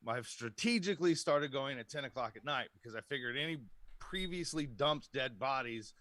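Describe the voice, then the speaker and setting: A man with a bright, forceful voice tells a long, rambling story on a casual podcast. He laughs easily and drifts into silly voices. The recording is dry and close. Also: mid-range voice, animated, normal speed, no room sound. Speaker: podcast co-host. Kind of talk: casual chat.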